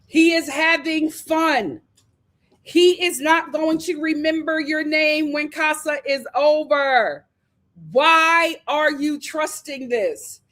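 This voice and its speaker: A woman's voice: high voice, takes it slowly. A woman hosting a casual, sassy recap of a reality show, talking animatedly. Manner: animated, sassy, sings and riffs.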